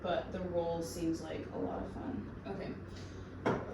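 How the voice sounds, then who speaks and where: A woman actor chatting casually while baking in her home kitchen, sassy and full of "like" fillers, in a tired, lower sleepy voice. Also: little pitch movement, a little slow, very noisy.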